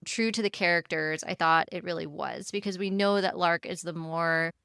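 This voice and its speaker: Woman podcast co-host, lively book-chat retelling, bright crisp voice, pitched a bit low. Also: normal speed, no room sound, studio quality. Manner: animated retelling with acted-out character lines. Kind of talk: casual book discussion.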